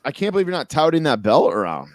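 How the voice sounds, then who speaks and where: A man co-hosting a podcast, talking casually and joking in quick asides, with a light western Massachusetts accent. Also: on the high side, big pitch swings, dry recording. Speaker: podcast co-host. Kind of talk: casual chat.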